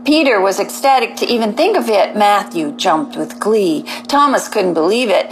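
A woman caller reading aloud her own emotional devotional poem, with slow dramatic pauses. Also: mid-range voice, expressive.

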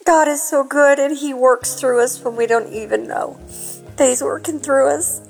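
A woman from Kentucky leaves a phoned-in message, her voice slightly high. She sounds tearful and heartfelt, pausing often. Soft music plays faintly behind her. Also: steady tone, creaky, rough recording. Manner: tearful and heartfelt, with many fillers. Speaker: caller.

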